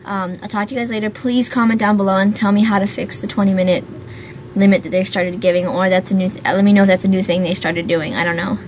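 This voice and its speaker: A woman's voice: medium pitch, level tone, fast, darkish tone. A young woman talks to her camera in a loose, rambling vlog, stringing thoughts together with lots of fillers. She sounds hyper yet tired, yawning now and then. A faint hiss of background noise sits under her voice. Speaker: YouTuber. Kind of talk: casual vlog chat to camera.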